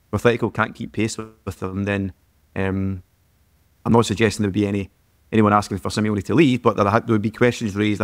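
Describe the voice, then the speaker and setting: Male podcast co-host, lowish and flat, halting football chat. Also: no room sound, clean studio sound. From Scotland. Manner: halting, frequent "um" and repeated words. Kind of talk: casual football analysis chat.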